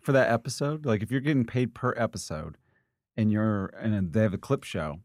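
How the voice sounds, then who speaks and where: A man who is a comedian guest on a podcast, dropping short, dry, deadpan quips. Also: on the low side, moderate pace, no room sound. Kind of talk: casual chat.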